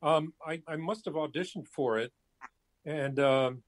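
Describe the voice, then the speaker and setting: A man in his seventies, a guest talking casually over his cell phone, pausing often with fillers and restarts. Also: on the high side. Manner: hesitant, many fillers and restarts. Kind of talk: casual interview chat.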